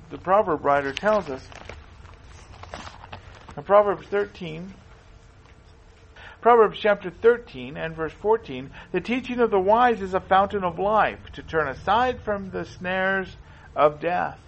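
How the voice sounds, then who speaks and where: A man's voice: high-pitched, unhurried, muffled recording, slight background noise. A man preaching a sermon in an earnest way, often repeating himself and reading scripture aloud.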